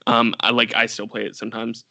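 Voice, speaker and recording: Young male co-host, casual rambling storyteller, gravelly tone, dry sound. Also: mid-range voice, monotone, brisk, sharp tone, dry recording. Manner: rambling storyteller, many fillers. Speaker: podcast co-host. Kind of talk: casual chat.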